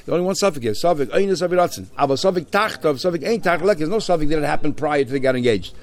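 A man teaching a Talmud class, quickly quoting Aramaic and Hebrew phrases and glossing them in English. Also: a little high, lively intonation.

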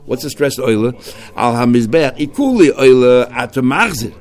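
A Talmud teacher with a middle-pitched voice explains a religious text passage line by line, constantly posing questions to himself and answering them. On key points he jumps up in pitch and volume. Expressive and moderately paced, he weaves Hebrew and Aramaic study terms into his English.

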